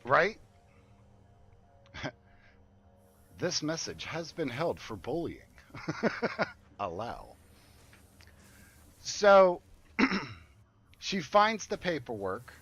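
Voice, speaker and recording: A man's voice: on the high side, extremely slow, long pauses, husky. A man telling a story in a casual way while gaming. He swears a lot and acts out the people in his story. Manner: animated, profane, acts out quoted dialogue.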